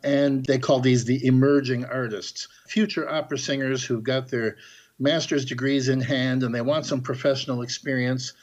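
Casting: middle-aged composer guest, lively storyteller, mid-pitched male voice. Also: normal speed, dull audio. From Chicago area, US. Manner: animated storyteller, acts out quoted characters. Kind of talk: podcast interview, storytelling.

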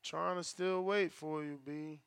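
Give me a man hosting a live call-in show, high and smooth, slangy and joking, with a lot of casual cursing. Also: steady tone, unhurried, fairly bright tone, no room sound, studio quality. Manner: slangy, profane, joking banter. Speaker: show host.

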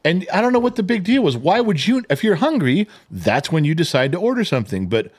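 Hombre animado que cuenta historias imitando voces. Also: male voice, sits high, brisk, slightly rough. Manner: animated storytelling with mimicked voices, swearing. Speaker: podcast co-host. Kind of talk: casual chat.

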